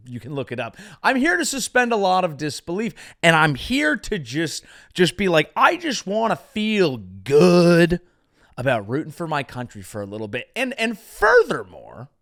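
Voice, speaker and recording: A comedian host rants through a sarcastic monologue, his voice rough and gravelly at the edges. He pitches a touch high for a man and bounces all over his range, jumping from loud punchlines to low, muttered asides. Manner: ranting, sarcastic, swings from loud outbursts to mumbled asides. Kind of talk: stand-up style comedic monologue.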